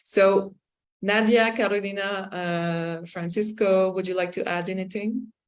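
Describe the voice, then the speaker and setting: A woman's voice: mid-range voice, fairly even intonation, measured pace. A woman from Quebec with a Québécois French accent, hosting a webinar in a friendly way with some hesitation. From Quebec, Canada. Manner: friendly, a little hesitant, many fillers. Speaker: webinar host. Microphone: video call.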